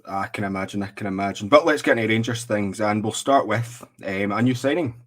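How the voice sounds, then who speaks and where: A Scottish man hosting a football podcast, chatting casually with many ums and pauses. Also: on the low side. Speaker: podcast host. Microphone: podcast mic with earphones in.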